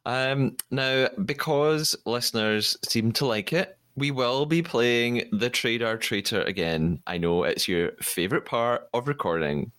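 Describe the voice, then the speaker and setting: A man's voice: medium pitch, unhurried, few pauses, a bit bright, clean tone, no echo, studio quality. Upbeat man hosting a podcast. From United Kingdom. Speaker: podcast host. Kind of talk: scripted podcast presenting.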